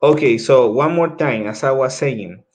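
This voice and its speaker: With a mid-range voice at normal speed, a man gives classroom instruction in English. He explains tasks patiently step by step, repeats himself, and checks in often with "okay?".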